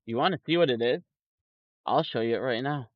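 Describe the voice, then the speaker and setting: A man's voice: medium pitch, a little fast, no room sound. A man ranting angrily and profanely in a livestream commentary, mocking the people he quotes in put-on voices. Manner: profane, angry ranting with frequent swearing. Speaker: stock market streamer. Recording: dull lo-fi audio, dry.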